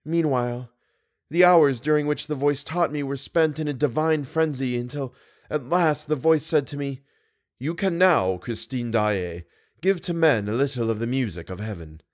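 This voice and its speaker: A man voicing a young woman singer, devoted yet fearful, in a storybook reading. Her lines come in a measured, earnest tone at a middling pitch. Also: natural voice. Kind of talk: audiobook reading.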